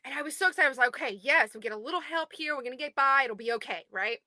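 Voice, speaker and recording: A woman in her thirties, the owner of an online group, chatting excitedly on a livestream from home and greeting viewers by name. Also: sits high, very fast, no room sound. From United States. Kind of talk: casual livestream chat.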